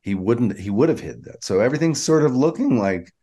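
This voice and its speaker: A man from Georgia co-hosting a podcast, recapping a TV episode in casual chat and quoting characters in a lowered voice. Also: lively intonation, a little fast, warm tone. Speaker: podcast co-host.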